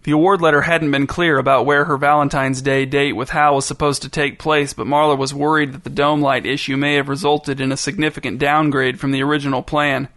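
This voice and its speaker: A man reads a story aloud in a measured, deadpan way. His voice sits in a middle range. The sound is dry and close. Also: mid-range voice, no echo. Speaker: narrator. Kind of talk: scripted narration.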